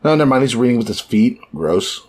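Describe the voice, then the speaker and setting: A man co-hosting a podcast, chatting casually, swearing freely and acting out characters in quick quoted bits. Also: mid-range voice, sing-song, a little mellow. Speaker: podcast co-host. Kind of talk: casual chat.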